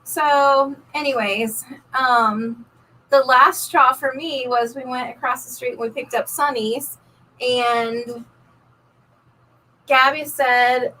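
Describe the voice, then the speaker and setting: A middle-aged woman, a nurse, telling a story in casual chat on a live stream, talking in an animated way with lots of fillers. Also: high-pitched, slow, recorded from a distance, poor audio. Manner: chatty, animated storyteller, many likes and ums. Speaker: co-host of a couple's live stream.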